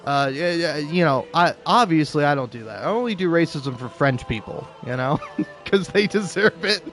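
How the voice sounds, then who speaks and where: A man's voice: fairly high pitch, animated, normal speed, fairly bright tone, soft background music. A man talking in a rambling, casual commentary style, sarcastic and profane, laughing often between his points. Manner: rambling with frequent restarts. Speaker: gaming video creator.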